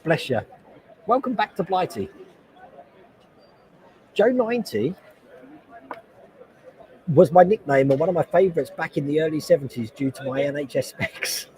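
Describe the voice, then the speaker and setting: Streamer host, forties, rambling chat, slightly high and mellow voice, headset mic. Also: male voice, animated, moderate pace, pauses often, slight background noise, poor audio. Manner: rambling and chatty, reading chat comments aloud. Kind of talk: casual livestream chat. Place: loud convention hall. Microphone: noise-cancelling headset.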